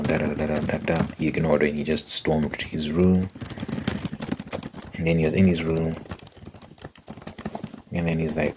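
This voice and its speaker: Very deep-voiced man, soft ASMR gossip. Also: steady tone, moderate pace, long pauses, noisy background. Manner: casual, rambling gossip with fillers and laughs. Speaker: ASMR creator. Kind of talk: soft-spoken ASMR storytelling. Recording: keyboard clicking and typing sounds behind.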